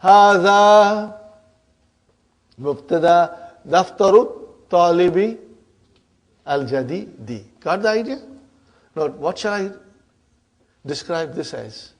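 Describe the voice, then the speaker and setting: A man's voice: sits high, slow, long pauses. A man teaching Arabic grammar to a class in a lecture style, often checking in with his students.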